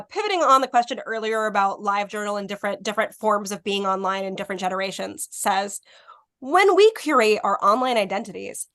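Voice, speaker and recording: A woman moderating an online salon, reading audience questions aloud in a brisk, announcer-like way. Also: mid-range voice, a bit bright.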